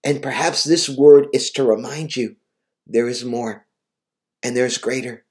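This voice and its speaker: This man's voice is medium in pitch and darkish, with a steady tone and measured pace. In an earnest, emotional devotional talk, he preaches about a vision he had and urges his listeners on.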